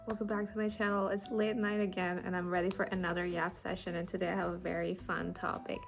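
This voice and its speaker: A woman's voice: lowish voice, level tone, fast, gravelly, hardly any pauses. A young woman from India talks casually to her viewers in a late-night chat. Her accent is mixed and only partly Indian. She laughs often as she goes, with faint music underneath. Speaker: vlogger.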